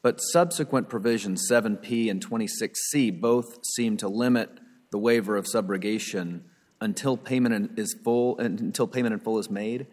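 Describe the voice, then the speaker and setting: A man's voice: on the low side, normal speed, a little mellow, in a large hall. A man questioning a lawyer from the bench, probing and tentative, repeating words as he thinks. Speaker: appellate judge. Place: courtroom.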